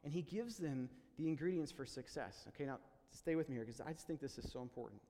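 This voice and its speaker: A male pastor delivers a sermon in an earnest, halting way, repeating words as he restarts. His voice sits in an ordinary middle register. A long reverb from the church hall trails behind every phrase. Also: mid-range voice, expressive, warm tone.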